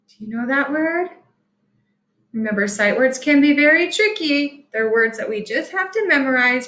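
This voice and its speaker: A woman teaching first graders remotely, explaining sight words in a slow, clear, teacherly way from an upstairs room at school. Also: high-pitched, expressive, pushed and bright, poor audio. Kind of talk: remote classroom reading lesson.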